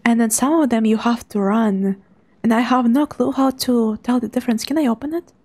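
A young woman, quietly commentating a live game stream in a hushed, soft voice. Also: on the high side, steady tone, brisk. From Russia. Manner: hushed, softly spoken to avoid making noise.

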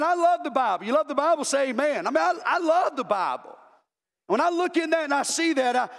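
A man's voice: extremely high pitch, gravelly, fairly bright tone, in a large hall. A male pastor preaching an impassioned sermon, repeating words as he builds to emphatic calls. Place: church sanctuary.

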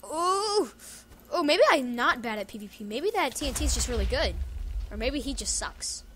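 High, bright-voiced excitable gamer woman. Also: normal speed, slight background noise. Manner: excitable, yelling and laughing at the game; jokey self-talk. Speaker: gaming YouTuber. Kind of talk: casual gameplay commentary.

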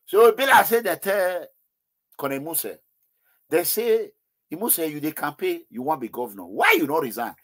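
This is a Nigerian man hosting a political call-in show, with a slightly high voice. He talks excitedly and drifts between English and Pidgin as he holds forth on party politics. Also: moderate pace. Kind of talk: animated political commentary with callers.

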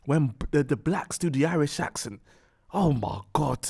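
Co-host, man, jokey banter, slightly high voice. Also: animated, creaky, a little mellow, breathy edge, no echo, studio quality. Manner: joking, quick banter. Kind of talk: casual chat.

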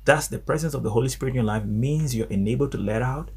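A man teaching a devotional Bible study in an animated way, repeating phrases for emphasis. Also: medium pitch, fast talker, slightly rough.

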